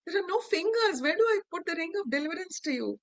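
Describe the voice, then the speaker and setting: A woman with an Indian English accent voicing a kindly fairy, speaking in a gentle, concerned way. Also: very high voice, lively intonation, fast, no echo, voice pushed up. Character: kindly fairy godmother, caring and practical.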